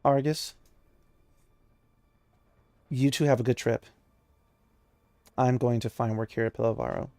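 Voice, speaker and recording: A cool, blunt young woman fighter, voiced by a man in a tabletop game. Her lines stay even and firm, with a gravelly edge from the performer's voice. The sound is dry and close. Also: medium pitch, a little slow, pauses often, no echo.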